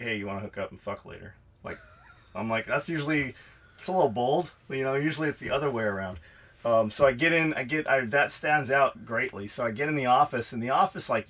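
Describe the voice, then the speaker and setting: A man's voice: medium pitch, fairly bright tone. A man from Southern California, a podcast co-host, telling a profane, rambling story and acting out the dialogue. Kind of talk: casual storytelling.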